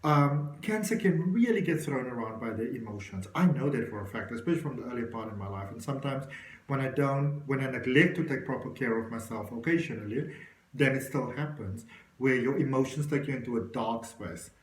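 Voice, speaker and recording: A man's voice: mid-range voice, animated, fairly quick, roomy sound, low-quality recording. A man giving an encouraging tarot reading, talking straight to the viewer. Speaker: tarot reader.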